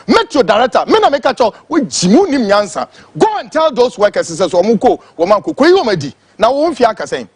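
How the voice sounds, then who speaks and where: A Ghanaian man delivers a furious political tirade, his high voice leaping up and down as he switches between English and Twi. The tone is a little husky and the sound is dry and close, with no room echo. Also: very animated, quick pace, hardly any pauses. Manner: angry, shouting, mixing English and Twi. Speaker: political commentator. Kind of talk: impassioned political rant.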